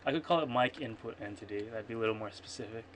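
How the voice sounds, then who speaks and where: Speaking quickly in a fairly low, somewhat bright voice, a man streams himself coding and thinks out loud, wandering, self-correcting and muttering under his breath. The computer-mic audio carries slight noise along with keyboard taps and clicks, typical of a casual thinking-aloud screencast.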